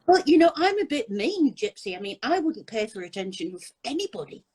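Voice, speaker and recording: A woman's voice: a little high, very animated, a little fast, a little mellow, slight background noise, poor audio. An older woman talking casually and bluntly about scammers on a live chat. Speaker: anti-scam advocate.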